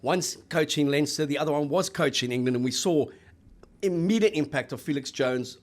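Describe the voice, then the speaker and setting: Rambling rugby host. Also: male voice, on the high side, fairly quick. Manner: rambling, anecdotal storyteller. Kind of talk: casual sports chat.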